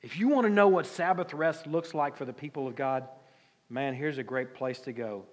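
Preaching in a church sanctuary that sounds like a large hall, a Southern US-accented pastor uses a folksy, conversational style peppered with rhetorical questions. He speaks at normal speed in a medium-pitched voice.

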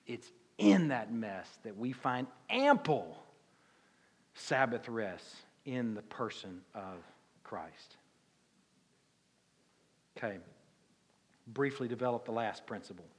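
A man's voice: mid-range voice, big pitch swings, takes it slowly, long pauses, breathy edge, big-room sound. A man with a Southern US accent preaching a sermon as pastor, in a conversational, folksy way with many rhetorical questions. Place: church sanctuary.

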